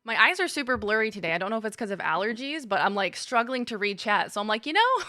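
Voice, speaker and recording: A woman's voice: medium pitch, animated, quick pace, bright, forceful tone, no echo, studio quality. A young woman streaming a game, chatting casually with viewers, greeting them by name and laughing often. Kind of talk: casual live-stream chat.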